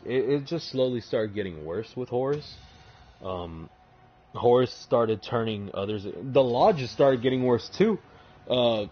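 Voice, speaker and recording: A man's voice: on the low side, muffled recording, slight background noise. A man casually retelling game lore, profane and full of fillers, while he plays. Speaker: streamer.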